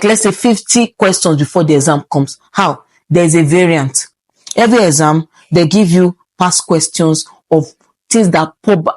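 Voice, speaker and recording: A woman's voice: fairly low pitch, darkish tone, no room sound. Young woman, Nigerian accent, preachy vlog advice with pidgin asides, dry close mic. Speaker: medical student vlogger.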